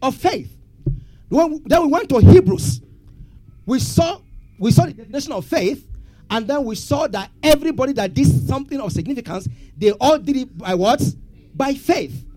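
A man's voice: very high-pitched, animated, moderate pace, dark tone. A man preaching a sermon, asking the congregation questions and having them answer back. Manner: call-and-response questions to congregation. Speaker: pastor.

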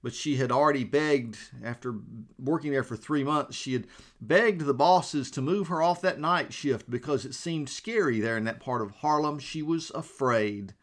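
A man's voice: mid-range voice, normal speed. A man preaching a sermon in a conversational way, asking his listeners questions, calling them his friends and chuckling often.

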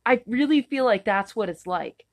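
A woman's voice: on the high side, animated, normal speed. A woman co-hosting a casual chat, rambling and irreverent, swearing freely. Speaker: podcast co-host.

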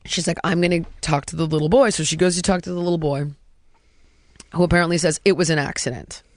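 Low-pitched woman in her 30s, chatty storytelling, lots of rhetorical questions, dry close sound. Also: fast, dry recording. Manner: animated, emphatic, strings rhetorical questions, drops to a hush for quotes. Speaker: podcast guest telling a personal story. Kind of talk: casual conversational storytelling.

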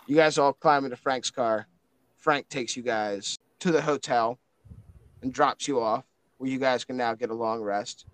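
A man's voice: mid-range voice, steady tone, a little slow, dry recording, low-quality recording. Casual, rambling game master, man. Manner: casual, rambling with fillers, swears. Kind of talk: narrating a tabletop game.

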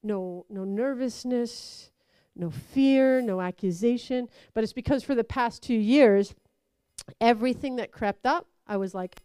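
A woman giving a conversational sermon, telling stories with lively acted-out quotes. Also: a little high, a little slow, smooth, no echo. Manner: animated storytelling, acts out quotes. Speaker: preacher.

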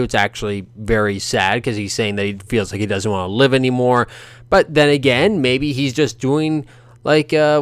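A male podcast host giving opinionated boxing commentary, animated, ranting and sarcastic. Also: medium pitch, smooth, dry recording.

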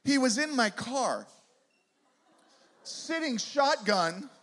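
Middle-aged male speaker, high-pitched, animated storyteller with lots of restarts, self-deprecating humor, preaching to a crowd. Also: slow. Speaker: youth ministry speaker. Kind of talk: storytelling sermon to a live audience.

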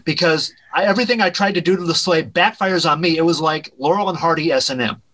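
Bright-voiced man telling a wild story. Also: fast talker, poor audio. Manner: animated anecdote-telling, drops pitch at punchlines. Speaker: guest, director and writer. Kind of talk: storytelling in a podcast interview.

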